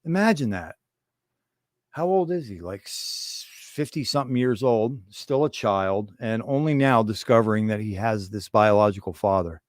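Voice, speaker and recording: A man's voice: fairly low pitch, normal speed, no echo, studio quality. Irreverent rambling livestream host, man. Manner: rambling, irreverent, conspiratorial banter. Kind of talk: casual livestream chat.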